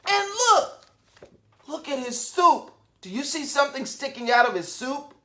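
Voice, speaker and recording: A man reading a children's picture book aloud, his voice bright and ringing as it leaps up and down in pitch. He takes his time, unhurried and patient. He keeps turning to his young listeners with questions and pauses to wonder. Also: very animated.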